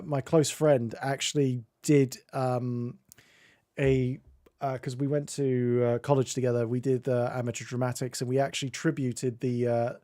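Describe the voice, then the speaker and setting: A man hosting a game stream, telling stories in casual chat, laughing often and dropping into quick silly voices. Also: medium pitch, dark tone, no echo, clean studio sound. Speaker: streamer host. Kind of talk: casual chat while gaming.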